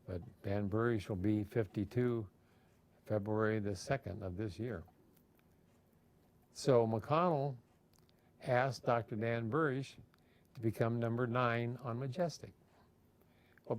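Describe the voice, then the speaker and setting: A man's voice: lowish voice, darkish tone. A man talking casually as an interviewee, rambling with frequent fillers and restarts. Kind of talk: casual storytelling.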